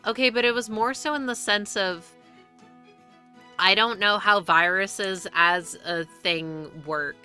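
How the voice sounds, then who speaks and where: A woman's voice: mid-range voice, takes it slowly, bright, forceful tone, faint music behind. A young woman streaming live, chatting casually and rambling with frequent restarts and free swearing.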